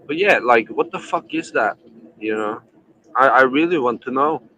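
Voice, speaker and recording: A man's voice: medium pitch, lively intonation, moderate pace, pushed and bright, a little hiss or hum, low-quality recording. A man hosting a casual livestream panel, rambling and swearing a lot, still drunk from the night before. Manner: profane, rambling, tipsy. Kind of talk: casual drinking chat.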